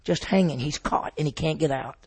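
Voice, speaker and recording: A man teaching a Bible class, his voice a little higher than most and gravelly with a husky edge. He retells the story with animation and tosses questions to the room. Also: a little fast, a little mellow.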